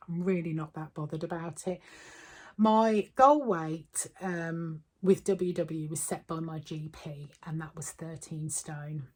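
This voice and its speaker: A woman's voice: low voice, level tone, measured pace, few pauses, warm tone, husky. A woman talking casually to camera as a weight-loss vlogger, chatty and upbeat, with frequent ums. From United Kingdom.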